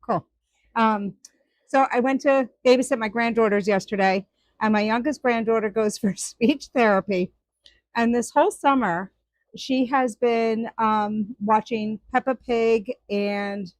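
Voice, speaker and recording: A woman's voice: fairly high pitch, fairly even intonation, measured pace, dry recording. An older woman vlogger chatting casually to her viewers, laughing often as she tells a story. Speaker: woodturning vlogger. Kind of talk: casual chat to camera.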